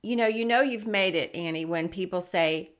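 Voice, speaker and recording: An older woman hosting a podcast, friendly and a bit rambling, who often drops into soft asides. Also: fairly low pitch, normal speed. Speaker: podcast host. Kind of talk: casual interview chat.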